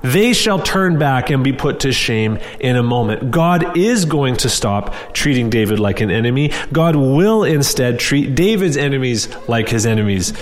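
A man's voice: medium pitch, lively intonation, moderate pace, hardly any pauses, long reverb tail. A man preaching a sermon in an earnest, direct way, often restarting and repeating words.

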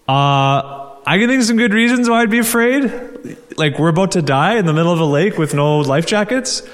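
A man's voice: a little high, expressive, a little fast. A male pastor preaching a conversational sermon, asking rhetorical questions and repeating key phrases for emphasis. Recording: long hall reverb.

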